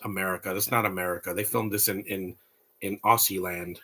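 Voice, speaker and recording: Blunt, bright-voiced male movie commentator. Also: low-pitched, fairly even intonation, brisk. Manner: rambling, opinionated, blunt asides. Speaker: live movie commentary host. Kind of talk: casual live movie commentary.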